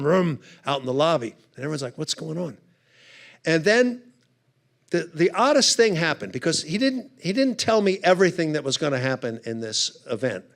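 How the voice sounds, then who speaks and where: Male conference speaker, comic storyteller, slightly higher voice, acts out the other characters. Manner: humorous, animated storyteller acting out voices. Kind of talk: storytelling talk to a men's conference.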